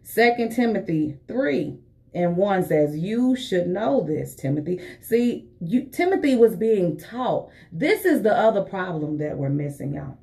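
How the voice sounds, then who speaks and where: A woman preaching a morning sermon on a live stream. She talks in a fervent, conversational way and calls her listeners honey and baby. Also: medium pitch.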